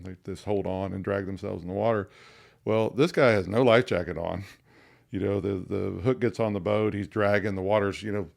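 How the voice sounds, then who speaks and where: A man with a very low voice and a gravelly, fry-laden texture. He co-hosts a podcast and talks casually, walking through his reasoning in long explanations with frequent restarts. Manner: conversational, explains at length with restarts. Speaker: podcast co-host, attorney. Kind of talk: casual legal discussion.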